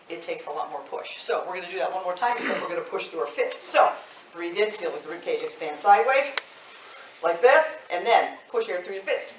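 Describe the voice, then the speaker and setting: A woman voice teacher runs a live singing workshop, talking to the group in a chatty way and checking in with "okay?" after almost every point. She is recorded from across a large, echoey room, with a faint hiss underneath. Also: mid-range voice. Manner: chatty, ends phrases with "okay?". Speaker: voice teacher and choir director. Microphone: room mic at a distance. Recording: roomy, distant, faint hiss.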